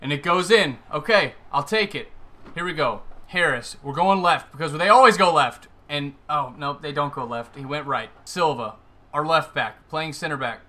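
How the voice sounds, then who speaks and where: A man commentating his own football video game match, swinging from calm play-by-play to excited yelling. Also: a little high, normal speed. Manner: excitable, screams at goals, then deflated and muttering. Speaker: gaming YouTuber. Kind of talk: live gameplay commentary.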